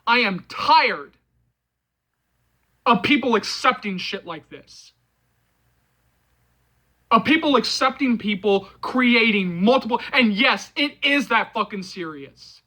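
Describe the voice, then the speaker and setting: A hoarse man delivers a heated vlog rant to camera, repeating his points and swearing freely. His voice is forceful and tense, with a bright, pushing edge. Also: very high voice, lively intonation, slow pace, pauses often, low-quality recording. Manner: heated, repetitive, profane ranting. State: hoarse from yelling. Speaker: movie channel host.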